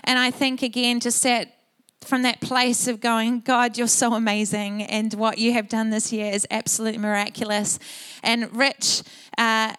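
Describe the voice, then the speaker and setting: A woman pastor with a slightly higher voice introduces guests in a church service. She speaks with eager enthusiasm and encouragement. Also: level tone, normal speed, fairly bright tone, clean tone.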